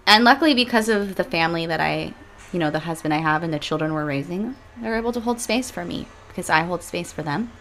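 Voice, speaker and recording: A woman in her thirties hosting a personal podcast, talking candidly and emotionally with sighs and soft laughs. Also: lowish voice, expressive, quick pace, a little hiss or hum. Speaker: podcast host. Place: home room with leaf blower outside.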